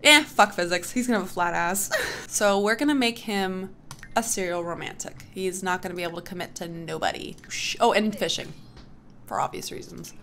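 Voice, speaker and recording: A woman's voice: on the low side, moderate pace, pushed and bright, slight background noise. A young woman giving casual gameplay commentary while building characters, chatty and swearing freely with frequent laughs. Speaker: YouTuber building Sims characters.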